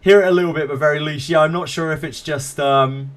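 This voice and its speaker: A man's voice: on the high side, fairly even intonation, fast talker. A man streaming a game live, chatting casually with viewers in a laid-back, self-mocking way and swearing freely.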